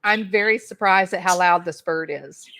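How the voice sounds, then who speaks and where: A middle-aged woman hosts a relaxed livestream from her home, reading the chat and greeting viewers by name in a folksy way. Her voice is lowish and a bit bright, at a normal speed.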